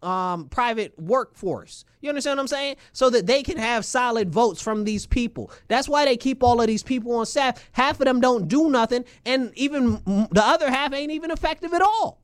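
A man's voice: very high voice, lively intonation, normal speed, few pauses, clean tone. A man from New York State delivering an agitated political rant, emphatic and repetitive with many rhetorical questions. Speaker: local political commentator.

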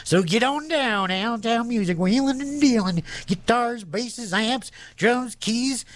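A man hosting a live radio show alone in a studio, reading sponsor plugs with goofy jokes and sudden silly high voices. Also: expressive, a little slow, no room sound. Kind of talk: playful live radio patter. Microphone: studio microphone.

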